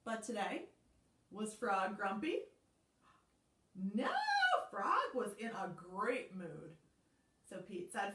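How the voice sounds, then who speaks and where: A woman librarian leading a children's storytime, slow, animated and encouraging. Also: mid-range voice. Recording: roomy sound, mic at a distance.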